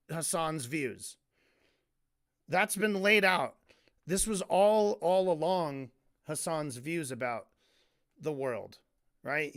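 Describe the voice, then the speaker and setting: A man with a high voice rants on stream about a video he is reviewing. He sounds exasperated and sarcastic, and he swears freely. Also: fairly bright tone. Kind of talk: casual commentary rant.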